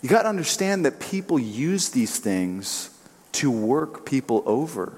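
A man's voice: medium pitch, sing-song, unhurried, slightly rough. A man preaching a sermon in an emphatic way, now and then acting out what others say in changing voices. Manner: emphatic, acts out quotes in shifting voices. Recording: long hall reverb.

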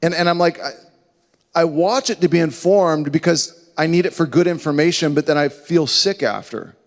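Male pastor, higher-pitched, emphatic sermon delivery with hushed scripture quotes, reverberant hall sound. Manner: earnest, emphatic preaching with slow dramatic drops to hushed quotes.

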